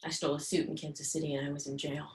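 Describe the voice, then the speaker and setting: A woman performing a monologue as a frustrated young man confronting his father, swinging from hushed lines to shouting. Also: deep voice, level tone, racing, voice pushed down, natural voice. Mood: bitter. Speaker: acting student. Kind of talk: dramatic monologue. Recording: roomy echo.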